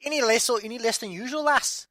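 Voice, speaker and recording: A man voicing a gruff adult man in a rough put-on Scottish accent. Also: high voice, very animated, normal speed, a bit bright, dry recording, studio quality, pitched above the performer's own voice. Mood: challenging.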